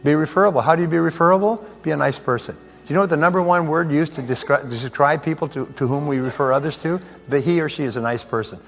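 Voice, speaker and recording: A man's voice: a little high, quick pace, gravelly, in a large hall. A man giving a motivational talk, stressing key phrases by repeating them and acting out little scenes. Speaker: motivational speaker.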